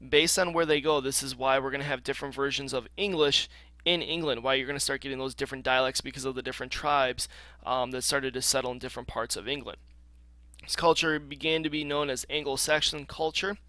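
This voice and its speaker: Male teacher, bright dry voice, casual recorded lecture, loose and explanatory with ums. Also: mid-range voice, fairly even intonation, brisk, no room sound. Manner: casual explaining with frequent ums and throat clearing.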